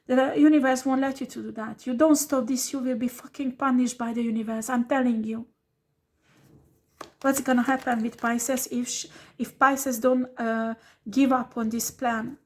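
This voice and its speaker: A woman with a fairly high voice delivers a tarot reading as a blunt scolding. She swears freely and hammers home her points with repeated rhetorical questions. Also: steady tone, moderate pace, darkish tone, slight background noise. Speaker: tarot reader.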